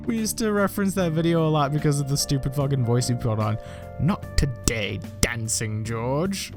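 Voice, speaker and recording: A young man talking loosely over his old videos, cursing freely and laughing at himself in a mid-range voice. Guitar music plays underneath him. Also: mid-range voice. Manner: rambling, swears often, self-mocking. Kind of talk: casual reaction commentary.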